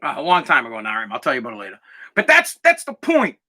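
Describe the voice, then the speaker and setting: A man's voice: medium pitch, huge pitch swings, fast, a crowd in the background. A young man hosting a podcast, telling stories in a brash, profane, emphatic way. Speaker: podcast host. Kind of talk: casual storytelling chat.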